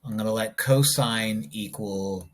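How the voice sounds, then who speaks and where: Husky, slow-talking male math teacher. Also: lowish voice. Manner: jokey, talks to himself while working problems. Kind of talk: video lesson while drawing graphs.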